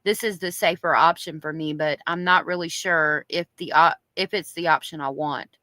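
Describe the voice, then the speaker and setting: A woman's voice: sits low, steady tone, normal speed, bright, forceful tone, no echo. A woman with a strong Southern accent, reading diary entries aloud on a true crime live stream and chatting with viewers in between. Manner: chatty, reads diary aloud and reacts to chat.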